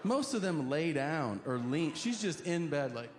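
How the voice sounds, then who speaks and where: Animated man doing stand-up storytelling. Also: a little high, a little slow, a little hiss or hum. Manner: animated, laughing through his story. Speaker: comedian. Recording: echoey room with loud ambience.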